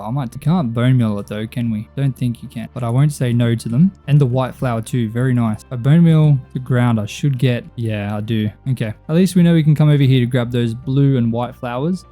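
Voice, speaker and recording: A young man chatting his way through a video game, excitable and self-talking, cheering on his pets as he plays. His voice sits at a middling pitch with a very dark, mellow tone, and soft music plays faintly behind him. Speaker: gaming YouTuber. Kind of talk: casual gameplay commentary.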